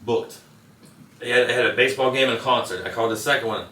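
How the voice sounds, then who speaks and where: Male interview guest, quick, rambling storyteller, recorded off-mic in a roomy space. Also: medium pitch, pushed and bright. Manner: rambling anecdotes. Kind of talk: casual storytelling. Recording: echoey room, mic at a distance.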